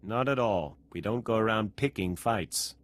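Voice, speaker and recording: An actor playing a thoughtful male Jedi Knight in a video game, who speaks in a measured, earnest way. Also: lowish voice, lightly acted.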